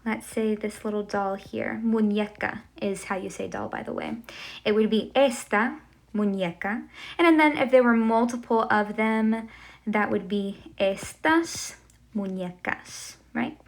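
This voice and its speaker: Slow-speaking upbeat woman teacher. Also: medium pitch, creaky. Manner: upbeat, checks in with frequent "okay?" and "right?". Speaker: Spanish teacher. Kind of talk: classroom lesson at a whiteboard.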